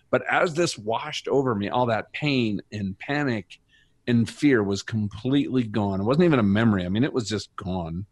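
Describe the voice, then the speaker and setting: A man's voice: medium pitch, no echo. A middle-aged man telling his personal faith story as a guest, earnest and reflective. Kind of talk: personal faith testimony in conversation.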